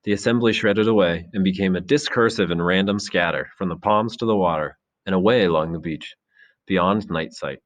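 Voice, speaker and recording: A man narrating a novel aloud in a measured, dramatic storytelling manner. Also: low voice. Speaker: teacher reading a novel aloud. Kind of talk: expressive audiobook narration.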